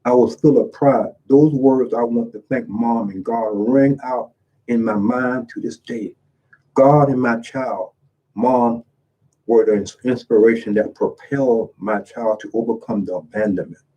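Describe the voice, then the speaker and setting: A man's voice: mid-range voice, measured pace, warm tone, muffled recording. A middle-aged man, an author, reads from his book and reflects on it, asking earnest rhetorical questions in a preacher-like way. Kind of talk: reading and reflecting on his writing.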